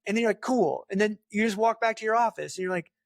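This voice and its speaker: Man, middle-aged, interview guest, chatty and lively, slightly high voice, dry close mic. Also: rapid-fire, no room sound. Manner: chatty, animated, lots of fillers and asides. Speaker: talent acquisition leader, guest. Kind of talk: casual interview talk.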